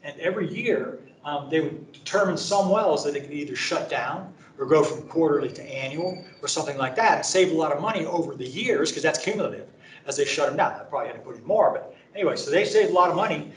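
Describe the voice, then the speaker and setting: Brief: middle-aged male presenter, slightly high voice, relaxed filler-heavy pitch, heard from a distance. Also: fairly quick, a little hiss or hum. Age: middle-aged or older. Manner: conversational, filler-heavy, anecdotal sales pitch. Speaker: presenter at a training event. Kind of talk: conference training talk. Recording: echoey room, speaker away from mic.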